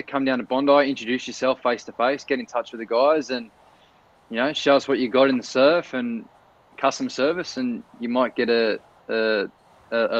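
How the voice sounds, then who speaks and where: Guest: easygoing lifeguard man, casual chat, somewhat muffled audio. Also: medium pitch. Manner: laid-back, laughs easily.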